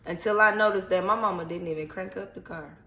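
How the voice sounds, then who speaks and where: A woman vlogger casually retelling a personal story in an animated, slangy, dramatic way. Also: lowish voice, fast talker, faint music behind. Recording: echoey room.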